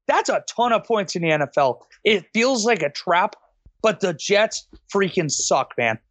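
A man's voice: high-pitched, expressive, a little slow, fairly bright tone, no echo. A man co-hosting a sports podcast, stumbling and restarting as he works through his points. His comments come with a sardonic edge. The voice is recorded dry, with no room sound. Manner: hesitant, restarts often, then sardonic. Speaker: podcast co-host. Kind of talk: casual sports podcast chat.

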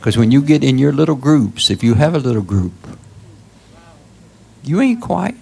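A man delivers a sermon with a gravelly, husky voice. He talks to the congregation conversationally, tossing out questions and jumping into high, excited exclamations for emphasis. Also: normal speed. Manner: conversational preaching with call-outs like "Huh?" and sudden high exclamations. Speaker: pastor.

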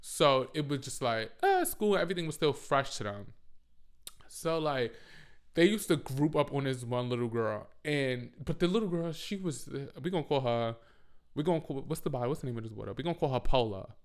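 A young man casually telling an animated, profanity-heavy story about his days as an after-school teacher, laughing often. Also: medium pitch, fairly quick.

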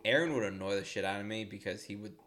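A young man chats on a podcast with a somewhat low voice. He tells long, rambling stories, full of swearing and laughter. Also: quick pace, fairly bright tone. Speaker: podcast co-host. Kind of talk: casual chat.

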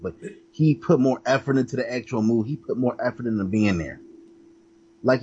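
A man co-hosting a casual movie chat, measured and hedging as he weighs his opinion. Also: medium pitch, warm tone. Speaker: podcast co-host. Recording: dull mic with faint hum.

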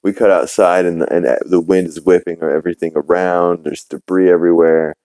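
Recapping a cartoon episode on his podcast, a young New Orleans host talks fairly quickly, rambling with fillers and performing quotes from the show. His voice is low, mellow, smooth and clear, and his tone stays level. It's captured close and dry, without room sound, in a rough recording.

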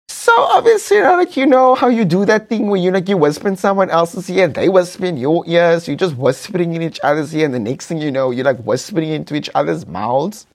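A podcast host with a South African English accent tells a personal story in a camp, animated, casual manner, repeating phrases for effect. His voice is fairly high and he speaks at normal speed.

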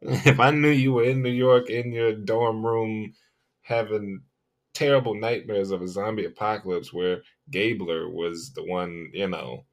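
A man's voice: fairly low pitch, fairly even intonation, measured pace. A young man co-hosting a casual podcast, joking and laughing along. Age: young adult. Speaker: podcast co-host. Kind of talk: casual chat.

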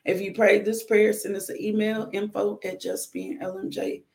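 Gravelly-voiced woman preaching with emphatic repetition. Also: mid-range voice, flat delivery, normal speed, a little mellow. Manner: emphatic, repeats phrases, casual speech. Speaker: minister. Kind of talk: devotional sermon.

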